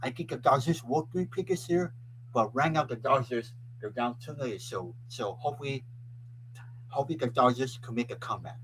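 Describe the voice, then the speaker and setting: A man hosting a casual live stream who keeps restarting and repeating his phrases and breaks into loud, excited sports chants. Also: mid-range voice, a little fast, slightly rough, poor audio. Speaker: host of a live web show.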